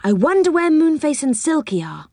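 A woman's voice: high voice, very animated, normal speed, dark tone, dry recording, clean studio sound, voice pushed up. A woman voicing a cheerful little girl in a read-aloud story, chatty and wishful.

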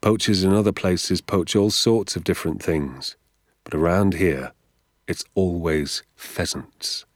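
A man reading aloud and voicing a gentle, soft-spoken father who talks in a quiet, measured way. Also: deep voice, no room sound, studio quality.

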